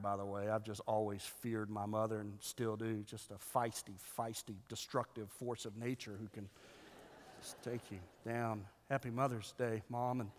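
A man delivering a sermon as a pastor, animated and joking with the congregation. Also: mid-range voice, in a large hall.

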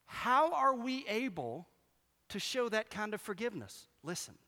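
A man with a high-sitting, sharp-toned voice preaches a sermon at a measured pace, very animated as he tells stories and acts out the voices of the people he quotes. Long hall reverb colors the recording.

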